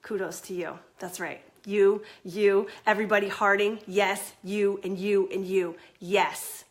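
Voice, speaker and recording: A woman coach giving an energetic, emphatic motivational talk on a livestream. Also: mid-range voice, measured pace. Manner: energetic, emphatic, swears then apologizes. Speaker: confidence coach.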